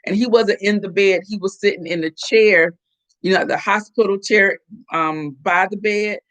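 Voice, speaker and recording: A middle-aged woman hosting a casual live chat, animated and chatty as she reacts to viewer comments. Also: mid-range voice, moderate pace. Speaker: host.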